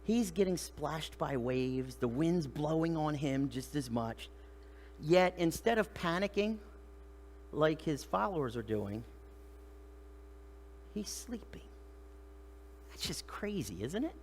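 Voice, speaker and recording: A middle-aged man preaching to his congregation, his voice pitched high and swinging widely up and down. He keeps it conversational, firing rhetorical questions at the room and slipping into the voices of the people in his story. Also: slow pace, pauses often, long reverb tail, slight background noise. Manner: animated, acts out voices of the disciples and Jesus. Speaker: pastor. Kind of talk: sermon. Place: church sanctuary.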